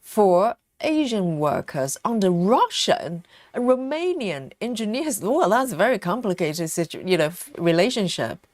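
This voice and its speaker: A British woman chats unhurriedly through a live stitch-along, reading comments aloud and laughing easily. Her pitch swings widely as she muses, and the sound is dry and close. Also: big pitch swings, a little slow, hardly any pauses, darkish tone, dry recording. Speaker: livestream host reading viewer chat. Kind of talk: casual live chat while cross-stitching.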